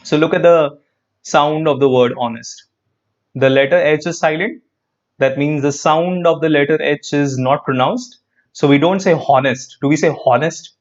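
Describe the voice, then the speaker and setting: A man's voice: a little high, moderate pace, lo-fi sound. A man teaching an English grammar class live online, repeating key phrases and asking students questions. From India.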